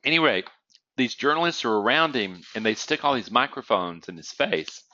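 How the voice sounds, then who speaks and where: With a bright, forceful, sing-song delivery at normal speed, a man with a mid-range voice lectures online about trading psychology. He tells stories in a conversational style, frequently says "okay?", and coughs occasionally. There's no room sound, and the audio is dull.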